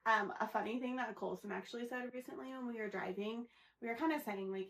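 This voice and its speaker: A young woman co-hosting a podcast, chatting quickly and recounting her son's funny remarks. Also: a little high, gravelly, fairly bright tone, reverberant. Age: young adult. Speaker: podcast co-host. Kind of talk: casual chat.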